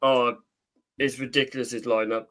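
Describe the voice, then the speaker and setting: A man's voice: medium pitch, flat delivery, moderate pace, fairly bright tone. Chatty UK man, distant from the mic. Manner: chatty, with frequent ums and uhs while reading. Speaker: podcast co-host reading the trade news. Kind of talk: casual chat.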